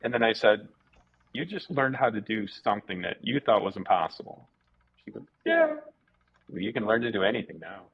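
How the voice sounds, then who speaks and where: Man, martial arts teacher, husky, animated storytelling, stumbles and repeats, dull lo-fi sound. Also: lowish voice, brisk. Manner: animated, repeats words, swears casually. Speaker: martial arts instructor and guest. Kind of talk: casual storytelling interview. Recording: dull lo-fi podcast audio.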